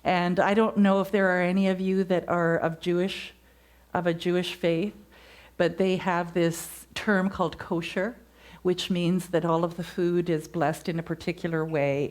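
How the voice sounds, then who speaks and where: A woman giving a gentle, reflective spiritual talk, telling stories to her congregation. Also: lowish voice.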